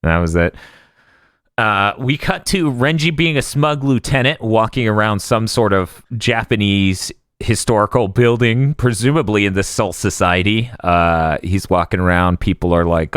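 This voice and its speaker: A man on a casual podcast recapping anime episodes, laughing often and acting out characters' lines in quick voices. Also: lowish voice, a bit bright, smooth, no room sound, clean studio sound. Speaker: podcast co-host.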